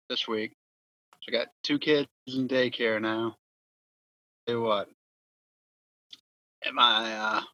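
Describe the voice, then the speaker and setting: Husky, bright-toned man, lo-fi. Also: mid-range voice, no room sound. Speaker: podcast co-host. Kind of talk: casual podcast chat. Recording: dry, dull lo-fi sound.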